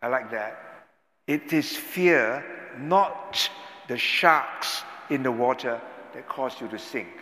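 A pastor delivering a sermon with dramatic swells and hushed drops, recorded in a large echoing hall. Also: male voice, mid-range voice, lively intonation, slow. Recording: echoey hall, long reverb.

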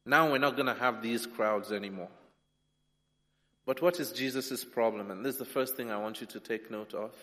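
A man from Nigeria, preaching a sermon with humour, swinging between loud and soft. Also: mid-range voice, normal speed. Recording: long hall reverb.

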